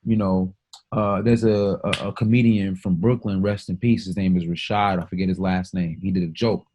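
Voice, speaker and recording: A man with a lowish voice holds forth in a casual podcast chat. He is emphatic and swears freely as he works stories and jokes into a passionate argument. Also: fairly even intonation, moderate pace, mellow. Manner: emphatic, profane, storytelling.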